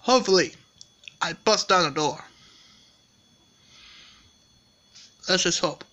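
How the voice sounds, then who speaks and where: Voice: medium pitch, expressive, brisk, pushed and bright. A performer voicing a boastful purple animatronic bear in a fan-made story, talking in a rambling, earnest way.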